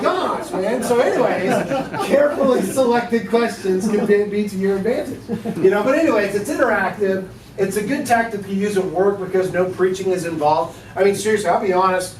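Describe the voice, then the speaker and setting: A man teaching apologetics in a relaxed class, telling an anecdote with laughs and acted-out dialogue. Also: high voice, brisk, few pauses, a crowd in the background. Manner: chatty, laughing storyteller, acts out dialogue. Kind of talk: casual classroom talk with anecdotes. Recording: echoey room, mic at a distance.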